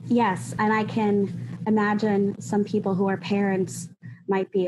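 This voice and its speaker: A woman's voice: medium pitch, little pitch movement, measured pace, darkish tone, a little hiss or hum, poor audio. A woman who is a guest therapist on a podcast, explaining things at length and often adding "like" and "you know". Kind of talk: podcast interview.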